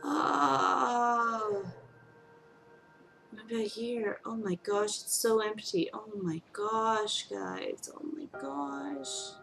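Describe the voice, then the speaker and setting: A woman gamer talks through a story game at an unhurried pace. Her pitch sits in the ordinary middle range. She reacts with emotional exclamations and reads the game's text aloud between her comments. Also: creaky, a bit bright, faint music behind. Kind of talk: let's play commentary.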